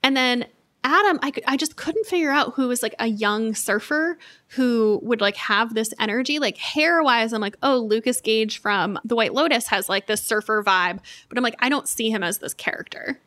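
Female podcast co-host, thoughtful and chatty, restarts a lot; bright tone, slightly high. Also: moderate pace. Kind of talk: casual book chat.

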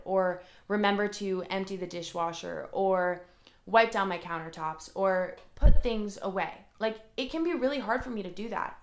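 A woman's voice: medium pitch, fairly bright tone, echoey room. Young woman, solo podcast host, earnest and a bit emotional, loose casual chatter. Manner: earnest and emotional, says "like" often.

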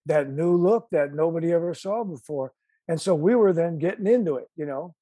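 Older Chicago man, husky and mellow. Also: fairly high pitch, lively intonation, a little fast, dry recording. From Chicago, USA. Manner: rambling storyteller with many restarts. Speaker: guest musician. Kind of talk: casual interview chat.

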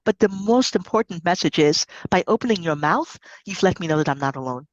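A woman's voice: lowish voice, lively intonation, brisk, no room sound, highs cut off. A woman author and consultant giving earnest, emphatic advice as a guest on a podcast. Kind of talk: podcast conversation.

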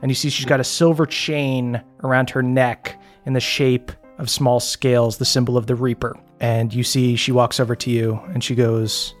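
A man's voice: medium pitch, flat delivery, moderate pace, hardly any pauses, soft background music. A man narrating a tabletop game as game master, describing scenes casually with fillers.

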